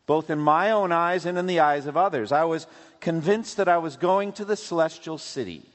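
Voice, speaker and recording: A man voicing a despairing man shut in an iron cage, who laments slowly in a high voice. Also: lightly acted. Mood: anguished lament. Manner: slow, wailing lament. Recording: long hall reverb.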